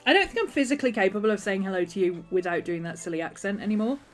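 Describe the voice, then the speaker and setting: A woman's voice: medium pitch, expressive, quick pace, soft background music. A woman hosting a casual live stream from her desk at home, chatty and greeting viewers by name. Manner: soft and coaxing when talking to her dog. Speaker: livestream host. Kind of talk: casual live-stream chat while crafting.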